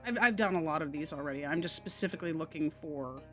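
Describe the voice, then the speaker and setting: A woman's voice: low voice, fast, soft background music. A woman streaming a video game live, chatting and muttering to herself with a casual, loose delivery.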